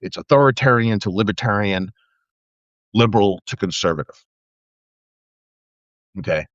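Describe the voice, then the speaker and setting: A man's voice: fairly low pitch, lively intonation, moderate pace, fairly bright tone, no room sound. Angry profane man ranting on a livestream. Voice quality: profane, sarcastic, mocking put-on voices. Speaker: livestream host, former police officer. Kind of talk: angry political rant. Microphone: phone or webcam on a live video. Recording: dull dry sound.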